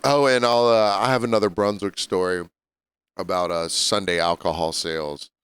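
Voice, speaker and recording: A man's voice: low voice, steady tone, moderate pace, fairly bright tone, clear, resonant tone. A man co-hosting a podcast, telling crude stories in casual banter and laughing often. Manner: laughing, storytelling, crude humor. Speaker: podcast co-host.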